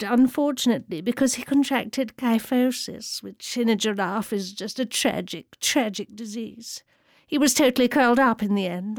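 A woman's voice: fairly high pitch, no echo, studio quality, close to an everyday voice. A woman playing an elderly, genteel romance novelist who talks in a prim, rambling, way. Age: older. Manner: prim, rambling, colonial-era posh. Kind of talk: comic interview sketch.

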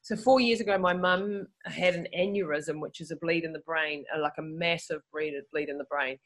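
A woman's voice: sits low, moderate pace, rough recording. A woman guest in a casual conversation, talking animatedly, often restarting her sentences and acting out what people say in their heads. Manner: animated, restarts often, acts out inner voices.

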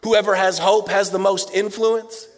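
A man preaching a sermon, swinging between loud outbursts and hushed, low delivery. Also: flat delivery, measured pace. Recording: long hall reverb.

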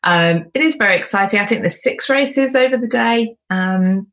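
A woman's voice: mid-range voice, animated, moderate pace, a bit bright. A woman co-hosting a podcast, chatting casually and laughing often. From United Kingdom. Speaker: podcast co-host and history tour guide. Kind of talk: casual conversational chat.

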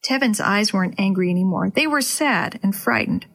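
A woman hosting a children's story program, reading aloud gently and expressively. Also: medium pitch, expressive, normal speed.

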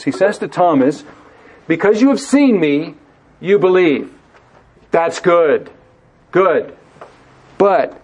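A man's voice: a little high, a little mellow. A man teaching through a Bible passage in a sermon, drawing out key words and often rephrasing himself mid-thought. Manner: deliberate, stretching key words for emphasis. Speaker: preacher.

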